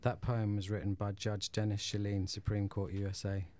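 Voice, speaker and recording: A man speaking as a guest in a radio studio, in a low voice with a flat, steady tone. He talks hesitantly, pausing with ums and restarting sentences. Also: slight background noise. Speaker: guest, former prisoner. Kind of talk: radio interview, personal story.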